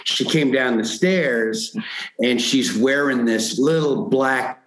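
A man telling a story in a casual interview, rambling with lots of halting restarts. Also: medium pitch, a bit bright. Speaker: comedian guest. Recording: roomy echo.

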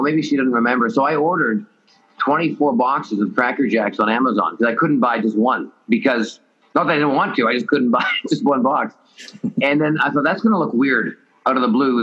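A man telling a rambling, lively story as an interview guest, often correcting himself. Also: medium pitch. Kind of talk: casual storytelling. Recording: dull lo-fi audio.

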